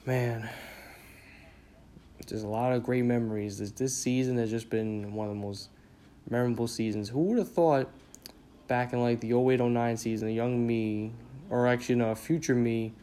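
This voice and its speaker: Tired young man rambling flatly. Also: mid-range voice, moderate pace. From New York area. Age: young adult. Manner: rambling, profane, many fillers. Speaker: podcast host. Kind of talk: casual solo podcast monologue.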